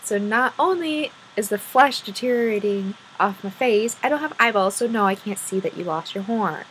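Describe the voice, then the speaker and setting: A zombie fairy who has lost her eyes and is falling apart, played by a woman telling a story. She talks loudly and bluntly, as if fed up, at an ordinary middle pitch. A faint noise sits under the voice. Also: expressive, moderate pace, lightly acted, low-quality recording. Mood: exasperated. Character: blind rotting zombie fairy, brash and blunt.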